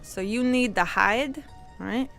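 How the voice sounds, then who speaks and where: A woman's voice: a little high, slow pace, gravelly, a bit bright, faint music behind. A woman streaming a survival game, chatting with a teammate and her viewers, laughing often and trailing off mid-thought. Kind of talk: casual gaming stream chat.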